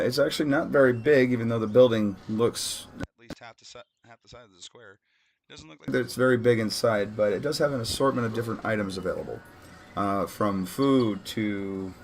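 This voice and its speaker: A man's voice: fairly low pitch, normal speed. Casual, rambling male game master. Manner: casual, rambling, with many fillers. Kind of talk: narrating a tabletop game.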